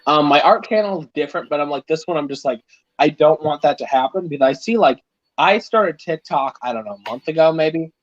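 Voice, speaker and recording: Young man, slightly high voice, self-mocking rambler, muffled lo-fi call audio. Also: animated, fairly quick, dry recording. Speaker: guest on a live stream. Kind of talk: casual chat.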